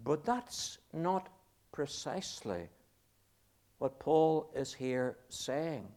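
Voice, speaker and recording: Slow, deliberate male preacher. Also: fairly high pitch, darkish tone. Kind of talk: sermon.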